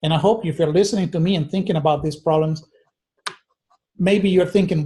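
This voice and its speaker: Guy teaching a class, kinda high but mellow voice, earnest, lots of uhs and restarts. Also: fairly quick, pauses often. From United States. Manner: earnest, thinking aloud with many fillers and restarts. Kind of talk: recorded lecture.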